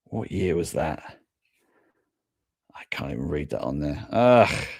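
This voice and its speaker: Brief: middle-aged English male host, low voice, casual rambling live chat, self-amused. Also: unhurried, creaky, a little mellow, husky. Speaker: toy podcast host.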